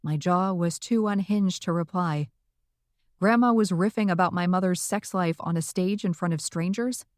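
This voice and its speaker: A woman reading a cozy mystery audiobook in the first person, with lively, wry storytelling on a close studio mic. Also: lowish voice, moderate pace, no room sound. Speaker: audiobook narrator.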